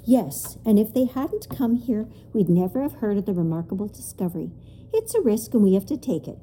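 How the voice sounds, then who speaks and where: A woman voicing a kindly, regal male creature king in a storybook reading, slow and stately. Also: mid-range voice, big pitch swings, dark tone, a little hiss or hum, close to an everyday voice, poor audio. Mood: earnest.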